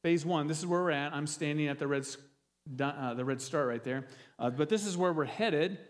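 A man's voice: fairly high pitch, fairly quick, in a large hall. Man preaching a rambling, earnest sermon. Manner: loose, rambling delivery with frequent restarts and fillers; earnest, gets emotional near the end. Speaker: pastor.

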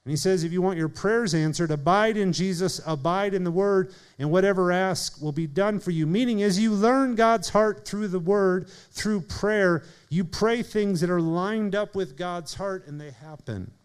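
A man preaching a sermon in an earnest way, speeding up and slowing down for emphasis and calling on listeners by name. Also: high voice, smooth. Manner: earnest preaching, shifting pace and volume for emphasis. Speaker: pastor.

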